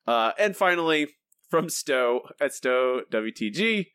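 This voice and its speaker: A man's voice: lively intonation, slow pace, a bit bright, smooth, no echo. A man co-hosting a podcast, his voice swooping up and down as he reads out listener answers. He trips over names and starts sentences over, and the room around him sounds dry and close. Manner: reads listener answers aloud, jumps into higher voices for the quotes. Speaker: podcast co-host. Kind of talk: casual chat.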